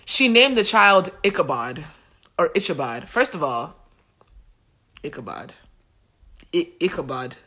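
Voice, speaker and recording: A woman hosting a live stream, joking her way through a Bible story. She talks in an animated, slangy way and swings between loud and soft. Her voice is bright. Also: sits low, a little slow, long pauses. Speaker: host.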